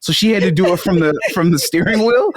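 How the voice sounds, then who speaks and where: A woman's voice: on the low side, fast talker. A woman co-hosting a casual chat podcast, telling a story with lots of laughter and acted-out quotes. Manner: animated storyteller, laughs often, acts out quotes. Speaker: podcast co-host.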